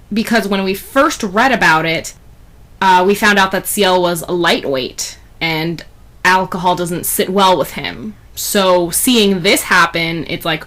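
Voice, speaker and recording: A woman's voice: lowish voice, a bit bright. A woman giving a casual, rambling spoken review of a story chapter, full of fillers and asides. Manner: chatty, rambling, many fillers like "you know". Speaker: fan fiction reviewer.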